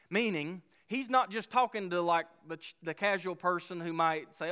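A man preaching a sermon as a pastor, speaking emphatically and slowing down to stress key lines. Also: high-pitched, bright, forceful tone, clean tone.

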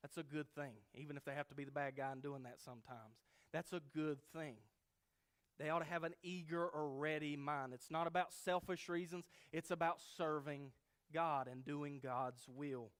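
A man's voice: on the high side, steady tone, moderate pace, a bit bright. A man preaching a verse-by-verse sermon who teaches emphatically and often checks in with his listeners by asking "okay?". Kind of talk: expository sermon.

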